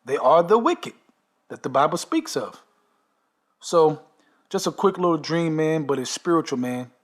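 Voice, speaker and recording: A man's voice: a little high, moderate pace. A man telling a long story in a casual, emphatic way, often tagging his sentences with "man" and "okay". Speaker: storyteller recounting a dream. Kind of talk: casual monologue.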